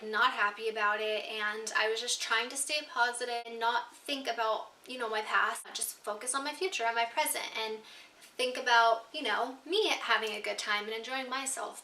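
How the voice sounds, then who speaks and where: A young woman vents through a storytime vlog, her bright, forceful voice sitting a touch high. She talks candidly and swears freely. The room echoes around her, and the mic sits a little way back. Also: recorded from a distance. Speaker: vlogger. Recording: roomy echo, mic set back.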